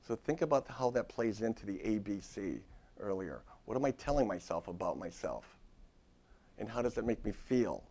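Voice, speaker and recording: Relaxed man in his fifties lecturing. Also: lowish voice. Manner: conversational, checks in with frequent "okay?" and repeats phrases. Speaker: therapist lecturing students. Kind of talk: classroom lecture. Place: university classroom.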